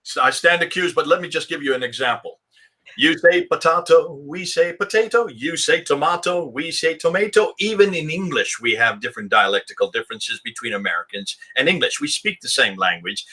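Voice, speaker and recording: Male co-host, measured explainer, husky and bright. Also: mid-range voice. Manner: explanatory, measured, reads out viewer questions. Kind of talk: live discussion stream.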